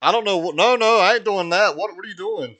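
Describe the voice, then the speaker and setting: Man player, unsure, bright tone. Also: sits high, fast talker. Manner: hesitant, rambling.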